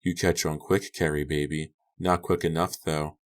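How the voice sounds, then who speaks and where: A man voicing a deranged, menacing teenage girl in an audiobook, quiet and taunting. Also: rumbling low, level tone, normal speed. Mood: quietly taunting. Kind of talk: audiobook character voice.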